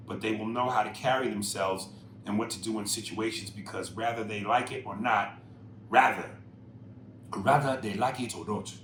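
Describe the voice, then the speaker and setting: Profane, animated man in a roomy podcast room. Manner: profane, animated, swings loud and high when making a point. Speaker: podcast co-host reading listener emails. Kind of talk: casual podcast chat. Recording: roomy echo with faint noise.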